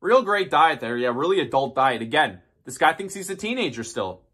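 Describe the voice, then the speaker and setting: Man, fairly high voice, sarcastic profane rant, rambling list commentary. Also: sing-song, a little fast, sharp tone, husky. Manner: rambling with restarts. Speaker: commentary YouTuber. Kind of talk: ranting commentary.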